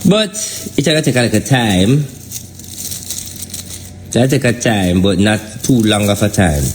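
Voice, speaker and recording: A man's voice: fairly low pitch, measured pace, slight background noise. A man with a Jamaican accent preaching informally in an emphatic style, repeating his phrases over and over in patois. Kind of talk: casual street preaching.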